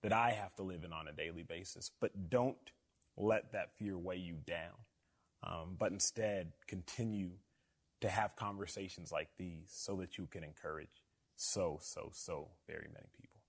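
A man's voice: deep voice, moderate pace, vocal fry, slightly rough. Earnest, emphatic man hosting a talk. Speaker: host. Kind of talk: conversational interview.

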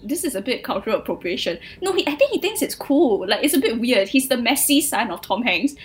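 A woman's voice: a little high, sing-song, brisk, rough recording. A young woman, co-hosting a casual pop culture podcast and talking in a chatty way with many fillers. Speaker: podcast co-host.

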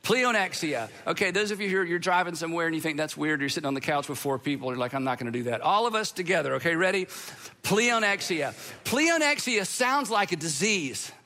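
A male pastor delivering a sermon in an animated, conversational way, speaking directly to his listeners. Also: high voice, a little fast. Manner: animated, conversational preaching with asides to the audience.

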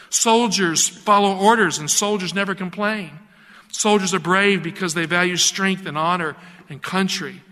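A man preaching a radio sermon, swinging from hushed, slow reflection to emphatic, rising appeals. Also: high-pitched, long reverb tail.

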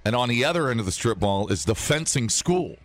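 A man's voice: mid-range voice, lively intonation, brisk, faint music behind. A man hosting a morning radio show, rambling and joking with plenty of fillers.

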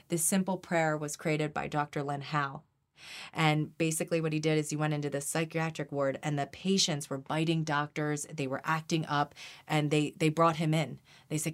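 A woman with a low voice speaks as a podcast guest about energy healing. She talks earnestly and with energy, repeats herself, and softens to a hushed tone when she recites prayers. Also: fairly even intonation, normal speed. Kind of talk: conversational interview.

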